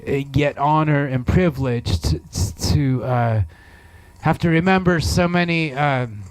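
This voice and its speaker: A man hosting a comedy variety show, musing in a halting, mock-solemn way. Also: on the high side, smooth, no echo. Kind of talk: deadpan comic hosting.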